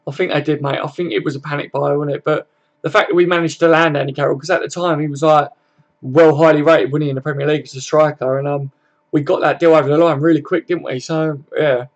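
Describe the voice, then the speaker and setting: A young man hosts a laid-back football-fan live stream, reading viewer comments aloud, swearing freely and chuckling often. He talks fast in a fairly high, fairly even voice, and the recording is muffled.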